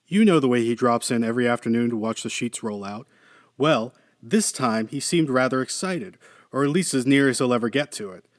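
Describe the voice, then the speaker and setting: A man's voice: medium pitch, dry recording, clean studio sound, natural voice. A man reading the part of an anxious, chatty male computer engineer who talks with urgency.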